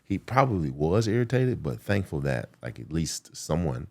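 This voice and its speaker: Deep-voiced man in his forties, earnest storyteller with lots of fillers, on the verge of tears. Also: very animated, gravelly, dark tone. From United States. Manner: earnest, halting, many fillers and restarts. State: emotional, near tears. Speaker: guest. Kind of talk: emotional personal storytelling.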